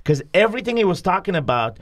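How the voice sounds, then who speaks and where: A man's voice: sits high, big pitch swings, fast. A man hosting a candid conversational podcast who talks bluntly, swears often and goes off on heated rants. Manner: blunt, profane, ranting. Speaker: podcast host.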